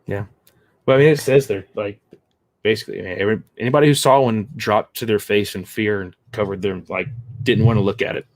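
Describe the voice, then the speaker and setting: A man in casual podcast chat, telling a story haltingly with many fillers. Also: lowish voice, dry recording.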